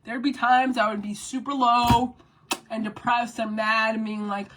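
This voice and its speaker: A young woman, rambling on camera in a blunt, profane, animated way. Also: a little high, unhurried, noisy background. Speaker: vlogger. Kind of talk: casual rambling vlog.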